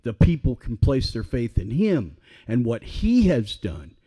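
A middle-aged pastor preaching a sermon in a relaxed, conversational way, often checking in with his listeners. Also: medium pitch, measured pace, husky. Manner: conversational, asks the audience questions.

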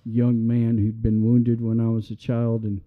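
A middle-aged male pastor preaches in an earnest, conversational way that climbs into passionate appeals. His voice sits at an ordinary pitch for a man. The recording is slightly dull and lo-fi. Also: monotone, measured pace. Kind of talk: sermon.

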